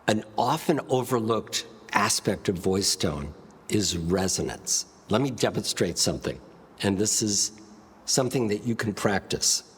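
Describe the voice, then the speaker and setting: A man teaching public speaking to camera, with a demonstrative, deliberate delivery that shifts pace and pitch and leans on pauses. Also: lively intonation, husky, big-room sound. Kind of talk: instructive talk to camera.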